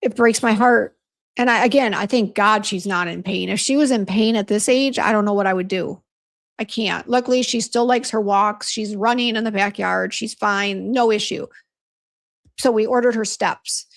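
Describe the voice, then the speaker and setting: Reading out comments from viewers, this woman in her fifties, who owns a beauty brand, runs a relaxed live stream with frank, self-mocking exclamations. She speaks at normal speed with a medium pitch and some vocal fry.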